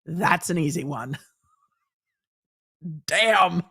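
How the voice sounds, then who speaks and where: A woman lawyer hosts a live commentary show with a slightly low-pitched voice. She reads court transcripts aloud and stops to explain them in a blunt, sarcastic, teacherly way. She uses everyday examples and swears casually. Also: animated, drawn-out words, creaky, fairly bright tone, breathy edge.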